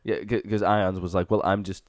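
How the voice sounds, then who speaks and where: A young man with a very deep voice, chatting on a podcast. The sound is dry and close to the mic. He is relaxed and amused and laughs as he talks. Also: moderate pace, no echo. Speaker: podcast co-host. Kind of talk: casual discussion of a philosophy text.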